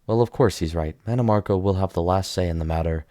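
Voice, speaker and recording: A man reading a stoic, calm male necromancer. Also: deep voice, quick pace, no room sound, clean studio sound, lightly acted. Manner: calm, matter-of-fact.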